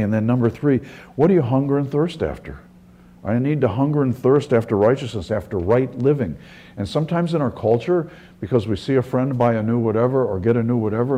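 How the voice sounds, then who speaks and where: A middle-aged pastor with a low, mellow voice and a husky edge delivers a sermon. He talks in a relaxed, story-driven way and often backs up to restart a phrase. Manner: conversational storytelling with frequent restarts.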